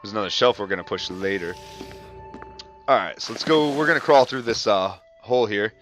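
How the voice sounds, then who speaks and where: Male gameplay commentator, casual and self-deprecating, lower pitch, music bed under the voice. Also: a little fast, a bit bright. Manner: chatty, self-mocking, swears when startled. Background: game music.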